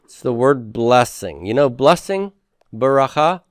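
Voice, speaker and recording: Male Hebrew instructor, patient and repetitive, slow measured delivery, dry close mic. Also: lowish voice, smooth, no room sound. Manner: patient, repeats words slowly, checks in with "okay?". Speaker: Hebrew teacher. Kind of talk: recorded grammar lecture.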